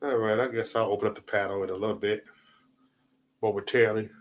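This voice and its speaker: A livestream host with a lowish, steady voice speaks fast, ranting casually in a rambling, profane way and animatedly spinning stories.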